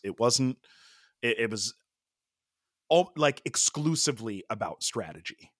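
An animated man co-hosting a casual sports podcast, talking at an ordinary middle pitch and scattering fillers as he goes. His voice is recorded close and dry, with no room sound around it. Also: a little slow, no room sound. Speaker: podcast co-host.

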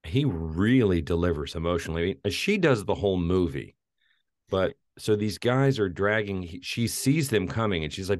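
Deep-voiced man retelling film scenes. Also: animated, moderate pace, no room sound, studio quality. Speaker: film podcast co-host. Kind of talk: casual film review chat.

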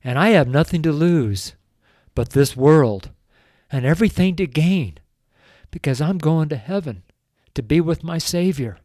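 A man's voice: a little high, animated, darkish tone, dry recording, studio quality. An older man, a street preacher, giving an earnest, pleading sermon on a show, tearful and emotional. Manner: slow, earnest, pleading, with drawn-out emphasis.

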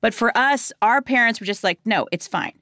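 A woman's voice: a little high, normal speed, pushed and bright, no room sound, studio quality. A woman who is a teacher and a parent, talking in a casual conversation in an emphatic way with rhetorical questions.

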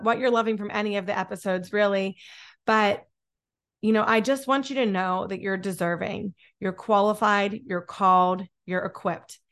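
Woman podcast host, encouraging and upbeat, repeats words for emphasis, solo talk. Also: mid-range voice.

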